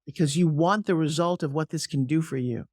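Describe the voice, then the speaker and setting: A middle-aged woman, a sales coach, talking energetically in an interview and slipping into persuasive pitching, with acted-out quotes. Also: a little fast, darkish tone, no echo, studio quality. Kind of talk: energetic interview talk with live product pitch.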